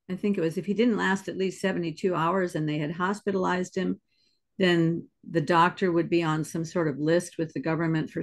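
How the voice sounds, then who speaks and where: A podcast host sharing a personal story in a quiet, reflective way during an interview. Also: mid-range voice. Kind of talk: conversational interview.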